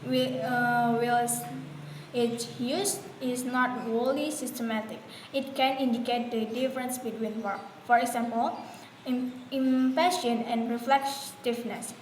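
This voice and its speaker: Woman, Indonesian first language, classroom presentation; slightly high voice, reads from notes with fillers and restarts; echoey room, faint noise. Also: steady tone, measured pace.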